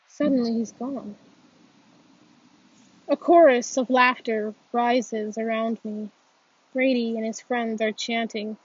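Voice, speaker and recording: A woman's voice: a little high, slow pace, pauses often, slightly rough, no echo. A woman reading a first-person novel aloud in an earnest, emotional way, often restarting her words, on a dull lo-fi recording. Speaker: audiobook reader.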